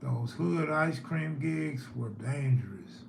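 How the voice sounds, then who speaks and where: A man's voice: medium pitch, measured pace, reverberant, background noise. A man hosting a live stream, telling neighborhood stories in a laid-back way and reading chat aloud.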